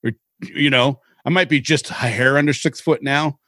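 A middle-aged man from Seattle co-hosting a podcast, telling rambling, animated stories in casual chat with some swearing. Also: mid-range voice, moderate pace, dry recording. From Seattle, Washington. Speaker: podcast co-host.

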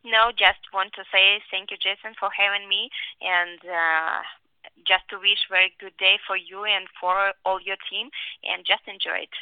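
A woman from Kyrgyzstan with a Russian accent, a guest answering interview questions in halting, hesitant phrasing. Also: mid-range voice, fairly even intonation, clear, resonant tone, dry recording. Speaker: guest fighter. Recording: phone line.

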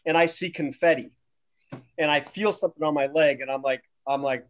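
A man's voice: on the high side, brisk. A man telling a story in casual conversation, quoting others in a dry, wry tone.

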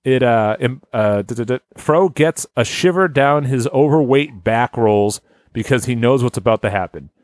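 A man's voice: medium pitch, moderate pace, darkish tone, dry recording. Man reading a story aloud, laughing. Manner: laughs while reading, stumbles over words. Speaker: podcast host reading a listener story. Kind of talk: casual chat, reading aloud.

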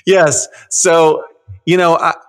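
Male podcast co-host, fairly high voice, animated, laughs easily. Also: slow pace, clean tone. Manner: animated, laughs often, stumbles on restarts. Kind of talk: casual chat.

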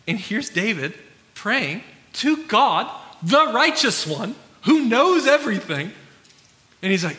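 A man's voice: sits high, sing-song, measured pace, pushed and bright, in a large hall. A man preaching a sermon as pastor, talking casually with fillers and restarts.

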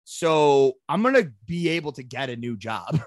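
A man co-hosting a podcast in casual, rambling chat, animated and swearing freely. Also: fairly high pitch, normal speed, dry recording, clean studio sound. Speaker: podcast co-host.

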